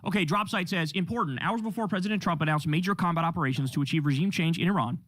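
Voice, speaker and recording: A man hosting a political talk show, giving fast, indignant, profane commentary. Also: on the high side, a bit bright.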